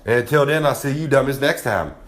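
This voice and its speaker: Man, brash wrestling promo, folksy drawl, middle pitch. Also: fast talker. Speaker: wrestler segment host. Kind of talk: brash promo-style monologue.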